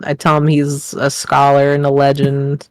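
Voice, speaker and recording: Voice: medium pitch, completely flat delivery, normal speed, no echo. A player in a tabletop game who talks casually, often laughing and hesitating.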